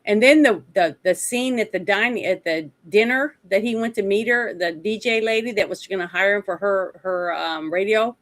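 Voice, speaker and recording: A woman's voice: medium pitch, normal speed, few pauses. A woman co-hosting a casual movie review podcast, retelling scenes in a rambling way with lots of asides. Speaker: podcast co-host.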